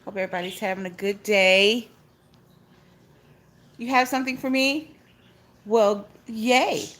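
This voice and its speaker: A middle-aged woman, chatting casually on a phone livestream from home and greeting each viewer with a high "hey". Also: a little slow, fairly bright tone. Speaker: vlogger hosting a phone livestream. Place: at home, indoors. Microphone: phone held at arm's length. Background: pet birds chirping.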